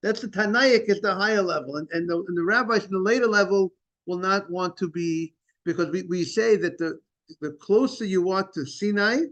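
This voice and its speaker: A man teaching a Talmud class in a casual, halting way, repeating words and restarting sentences while greeting students. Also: high voice, a bit bright. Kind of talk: informal Talmud lesson.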